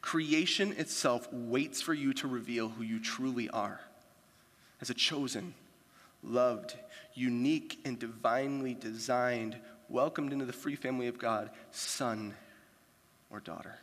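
A man's voice: mid-range voice, a little slow, a bit bright. A man preaching a sermon as pastor, in a conversational storytelling way with quoted asides. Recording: long hall reverb.

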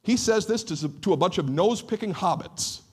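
A man preaching a sermon with animated emphasis and frequent repeated words. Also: sits high, moderate pace, breathy edge. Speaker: pastor.

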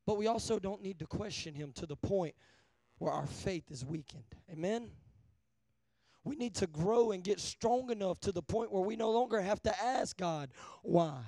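A man preaching a sermon, asking the crowd for an amen, swinging from hushed to loud. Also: sits high, normal speed, dry recording. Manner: call-and-response, asking amen often; shifts between hushed and loud.

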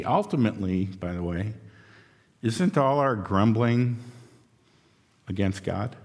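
Unhurried preacher in an echoing hall. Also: male voice, on the low side, animated, a little mellow. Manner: conversational storytelling, acts out quotes. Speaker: pastor. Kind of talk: sermon. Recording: long hall reverb.

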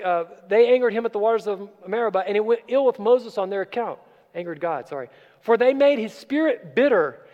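A man with a high voice preaches a sermon in a church. His delivery is expressive, rising to loud emphasis and then dropping to quiet asides. The sound carries a long reverb from the hall. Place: church sanctuary.

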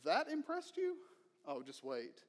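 A preacher voicing a knowing male teacher who teases his listener in a warm, playful way. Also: very high voice, huge pitch swings, unhurried, big-room sound, pitched above the performer's own voice, exaggerated voice. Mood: teasing.

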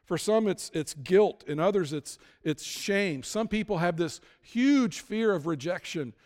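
A man preaching a sermon as pastor, building from calm teaching to loud, emphatic peaks. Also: high-pitched, measured pace, long reverb tail.

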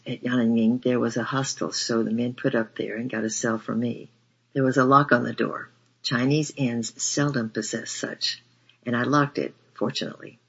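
Guy reading a memoir audiobook, earnest and measured, husky, muffled lo-fi sound. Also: mid-range voice. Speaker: audiobook narrator. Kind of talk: first-person memoir reading.

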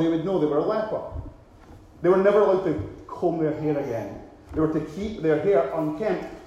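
High-voiced preacher in an echoey hall. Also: male voice, lively intonation, moderate pace. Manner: dramatic preaching, acting out shouted cries. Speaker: pastor. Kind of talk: sermon.

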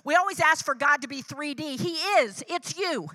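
A woman preaches a sermon built on personal stories, speaking conversationally, tagging lines with "right?" and acting out the dialogue she quotes. Her voice sits high and sounds bright and forceful at a normal speed, captured in a dry recording.

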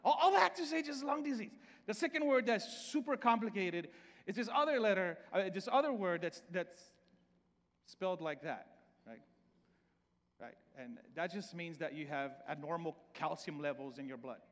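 A pastor with a Salvadoran Spanish accent preaches a loose, conversational sermon, often repeating words, stumbling and restarting. His voice sits high for a man, with lively intonation, a moderate pace and a fairly bright tone. A long reverb suggests a large church hall.

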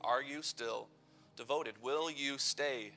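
A man's voice: mid-range voice, slow pace, gravelly, pushed and bright, faint music behind. A man in his thirties giving a playful, conversational youth sermon full of personal stories. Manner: playful, conversational, teasing asides. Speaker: youth pastor.

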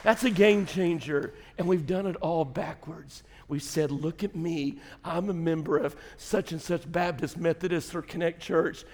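A man's voice: a little high, fairly even intonation, measured pace, hardly any pauses. Male preacher, folksy and dramatic, recorded in a sanctuary with long reverb. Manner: swings from shouting to hushed whispers; folksy storytelling with fillers and laughter. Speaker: pastor. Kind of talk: sermon. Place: large church sanctuary.

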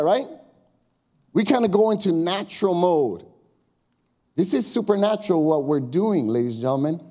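A man's voice: on the high side, mellow, breathy edge. A male pastor preaching a conversational sermon, acting out quoted questions in a raised voice.

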